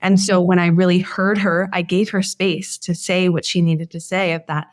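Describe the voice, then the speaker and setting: A woman hosting a podcast in a relaxed conversation. She speaks in a lowish voice that is earnest and heartfelt, and thinks aloud as she goes. The sound is dry and close, with hardly any room around it. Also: moderate pace, no room sound. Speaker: podcast host. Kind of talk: casual conversation.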